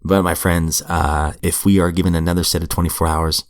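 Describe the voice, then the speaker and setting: A hoarse man hosting a podcast, reading passages aloud and reflecting on them in an earnest, conversational way. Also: sits low, level tone, brisk, dry recording, clean studio sound. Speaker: podcast host reading recovery literature. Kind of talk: reflective solo podcast commentary.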